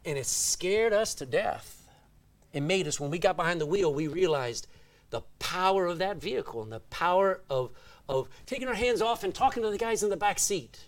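A man's voice: high-pitched, expressive, moderate pace. A man preaching a sermon, reading scripture aloud and asking the congregation "Amen?".

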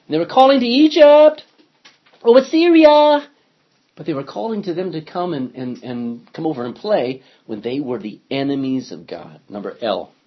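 Speaking at a brisk clip with few pauses, a husky-voiced male pastor runs a conversational Bible study, reading passages aloud and putting questions to the class. His pitch is medium and his intonation lively, though the recording comes across dull and lo-fi.

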